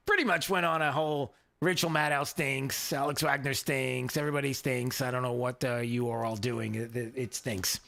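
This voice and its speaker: Mocking, halting male radio host. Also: mid-range voice, steady tone, creaky, fairly bright tone. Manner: mocking, halting with many fillers. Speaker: radio talk show host. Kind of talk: opinionated radio commentary.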